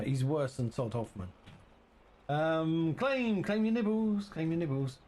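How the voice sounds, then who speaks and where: A man's voice: mid-range voice, darkish tone, slight background noise. A man chatting casually and teasingly with viewers while streaming a farming game.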